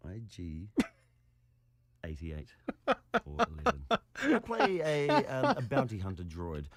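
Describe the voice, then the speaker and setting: Lively deadpan man, New Zealand accent. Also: low-pitched, slow. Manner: deadpan, self-deprecating. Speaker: actor in a comic clip. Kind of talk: comic self-mocking monologue.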